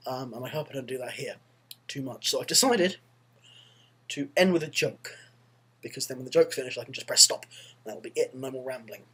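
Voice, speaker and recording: A man's voice: mid-range voice, brisk, long pauses, a bit bright, slightly rough. A young male student rambling through a casual video diary, self-deprecating and prone to tangents. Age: young adult. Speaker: university student vlogger.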